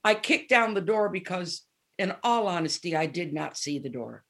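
Woman in her seventies, gravelly voice, lively storyteller, casual interview chat. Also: fairly low pitch, normal speed. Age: 70s. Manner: animated storyteller, acts out dialogue. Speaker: guest musician.

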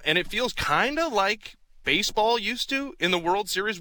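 Bright-voiced chatty sports talk man. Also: mid-range voice, slight background noise. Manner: chatty and analytical, long run-on points. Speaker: sports radio co-host.

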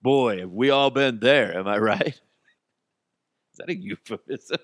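A man hosting a comedy podcast, riffing on listener stories in a casual, profane, animated way. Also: mid-range voice, measured pace, long pauses, no room sound, clean studio sound. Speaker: podcast host.

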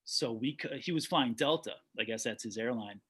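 Bright, husky-voiced man telling stories. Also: mid-range voice, normal speed. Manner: rambling, frequent restarts and "you know". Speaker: documentary director. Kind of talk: casual interview storytelling.

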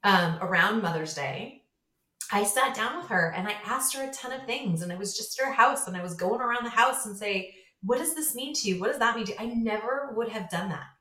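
Woman, podcast guest, earnest, reflective, bright voice, roomy echo. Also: mid-range voice, animated, fairly quick. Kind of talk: casual podcast chat.

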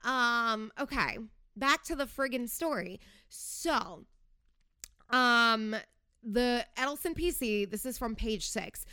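A woman's voice: a little high, expressive, slow pace, bright, forceful tone, smooth, dry recording, studio quality. A young woman hosting a podcast, ranting in a chatty, fired-up way with sarcastic jabs and lots of "like". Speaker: podcast host. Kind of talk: casual reality TV gossip rant.

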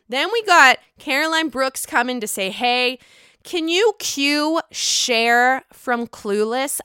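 Sassy, bright-voiced woman recapping TV. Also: high-pitched, clean tone, no echo, studio quality. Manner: sassy, profane, chatty commentary. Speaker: reality TV recap host. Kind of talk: casual recap talk.

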